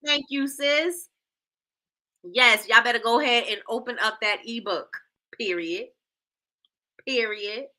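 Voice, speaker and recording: A woman hosts a casual coaching livestream, talking straight to her chat and calling them y'all. Her voice is bright and forward. She is playful and loves to repeat a point. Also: fairly high pitch, slow pace, long pauses. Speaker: livestream host.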